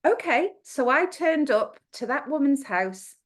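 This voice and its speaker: A woman's voice: high-pitched, a little slow. Middle-aged Australian woman telling a story. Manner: animated personal storytelling. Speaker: guest naturopath. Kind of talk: podcast interview storytelling.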